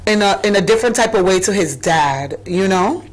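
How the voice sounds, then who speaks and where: A woman's voice: medium pitch, lively intonation, a little fast, poor audio. Teasing woman hosting a talk show. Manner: teasing, laughs often. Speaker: host. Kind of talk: casual talk show chat.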